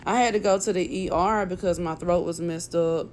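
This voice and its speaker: Woman with a low voice telling a story. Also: normal speed, slight background noise. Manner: chatty, animated, acts out what others said; many fillers like "like" and "you know". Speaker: vlogger. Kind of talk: casual personal storytelling.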